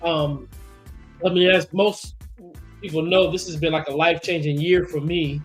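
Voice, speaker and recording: Higher-voiced pastor talking in halting bursts. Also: male voice, steady tone, soft background music. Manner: rambling, halting, with many restarts. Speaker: pastor and co-host. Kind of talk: casual radio show chat.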